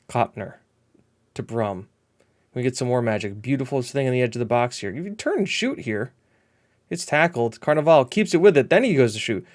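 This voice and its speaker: A man talks loosely over a game he is playing, trailing off and restarting his thoughts. His voice sits at an ordinary middle pitch. When play turns tense, he jumps into quick, excited calls. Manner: chatty and rambling, excitable bursts at match action. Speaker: gameplay commentator. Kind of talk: casual let's-play commentary.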